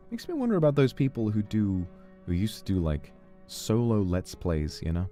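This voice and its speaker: A man's voice: lowish voice, big pitch swings, moderate pace, dark tone, faint music behind. Playful British man streaming a game. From Britain. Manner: playful and theatrical, chatting with his chat and mocking the game. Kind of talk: live game commentary.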